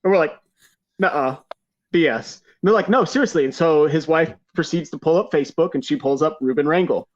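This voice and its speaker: A man's voice: a little high, a little fast. Storytelling American man, dull lo-fi audio. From Grand Rapids, Michigan. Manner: storytelling, relaxed, laughing. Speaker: podcast host. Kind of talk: casual chat. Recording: slightly dull lo-fi sound.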